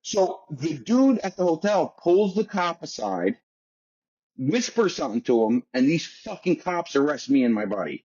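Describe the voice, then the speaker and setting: A man's voice: fairly high pitch, sing-song, a little mellow, slightly rough, highs cut off. An American man on a call, telling a long, profane travel story in a rambling, casual way. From United States. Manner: rambling, profane, fast bursts. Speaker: guest.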